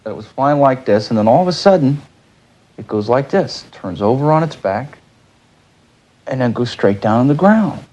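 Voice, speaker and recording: A man recounting an experience in an interview, halting and full of "you know". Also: mid-range voice, expressive, mellow, poor audio. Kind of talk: casual interview recollection.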